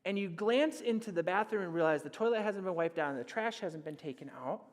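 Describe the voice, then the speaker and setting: A man preaching a sermon as pastor, animated and storytelling, acting out little scenes and dropping to a hush on key points. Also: sits high, fairly quick. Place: church sanctuary. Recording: church hall reverb.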